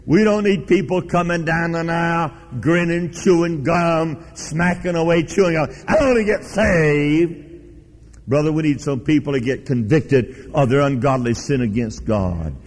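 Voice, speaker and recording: A man's voice: a little high, moderate pace, hardly any pauses, darkish tone. A man preaching a sermon, telling a story in a folksy, emphatic way. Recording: long reverb of a large hall.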